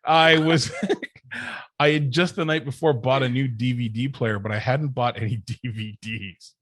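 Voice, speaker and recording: A man, a podcast guest, casually telling an anecdote, animated and often laughing as he goes. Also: mid-range voice, measured pace, no room sound. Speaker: podcast guest, wrestling manager. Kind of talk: casual storytelling chat.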